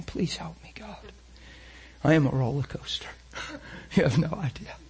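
A man delivers an intense sermon, swinging from loud, emphatic lines to hushed near-whispers while posing rhetorical questions to his audience. His voice is slightly high and husky.

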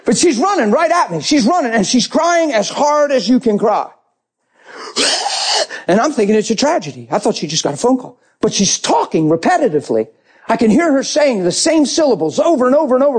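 Husky man, high voice, emotional sermon storytelling, animated. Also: brisk. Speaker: preacher giving testimony.

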